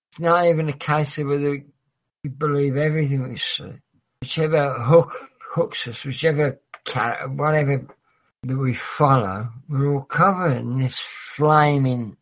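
A man's voice: mid-range voice, a bit bright. A man hosting a livestream in casual rambling chat, who swears freely and often trails off mid-sentence. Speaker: livestream host. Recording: dull lo-fi recording.

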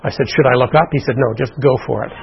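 A man's voice: mid-range voice, steady tone, quick pace, vocal fry, highs cut off, a little hiss or hum. A man recounting a personal story in an interview, in an earnest way, acting out what people said. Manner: earnest storytelling, acts out quotes. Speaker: interviewee, survivor.

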